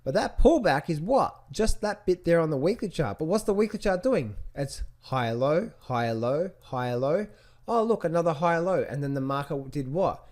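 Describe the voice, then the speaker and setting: A man walks through stock charts in a screen-share lesson, and his voice sits a little high for a man. He keeps asking rhetorical questions and repeats his phrases as he talks. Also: lively intonation, normal speed, darkish tone. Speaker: trading coach.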